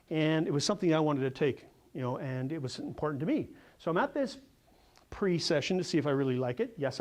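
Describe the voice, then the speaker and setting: A man teaching a sales seminar, telling stories with energy and putting questions to the audience. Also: fairly high pitch. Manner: energetic, animated storyteller who quizzes the audience. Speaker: sales coach. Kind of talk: seminar talk to a live audience.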